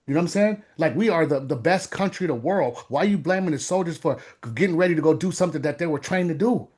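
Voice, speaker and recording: A man's voice: a little high, darkish tone. A man who coaches veterans gives a fervent motivational talk. He speaks in a preachy, urgent way, repeats phrases for effect and builds to emphatic peaks.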